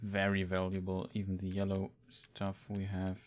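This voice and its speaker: A man's voice: deep voice, monotone, moderate pace. A man streaming a game, giving casual, hesitant commentary as he plays. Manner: thinking aloud, hesitant with fillers.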